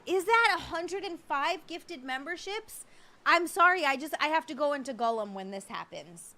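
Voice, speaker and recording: High-pitched, expressive, pushed and bright, her voice moves at a moderate pace. This young woman running a casual livestream stammers and curses in joyful disbelief, laughing, as she thanks her audience.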